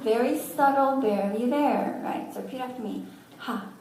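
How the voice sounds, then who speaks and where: A woman's voice: a little high, moderate pace, darkish tone, slight background noise. A woman teaching a language class, patiently sounding out words syllable by syllable with good-humored asides. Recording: echoey room, from far off.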